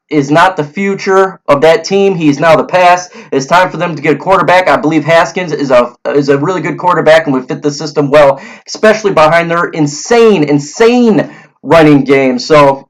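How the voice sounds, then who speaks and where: A man with a high voice hosts a fan sports show in a heated, repetitive rant. He stumbles and restarts often, piling up words as he goes. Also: moderate pace, rough recording. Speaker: sports channel host. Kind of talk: fan rant and draft predictions.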